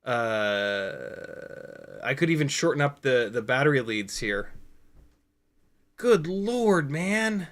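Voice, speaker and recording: A man hosting a casual drone-hobby livestream, talking excitedly and swearing freely as he explains soldering step by step, often restarting his sentences. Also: medium pitch, slow, pauses often. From United States. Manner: excitable, profane, rambling with restarts. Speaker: FPV drone livestream host.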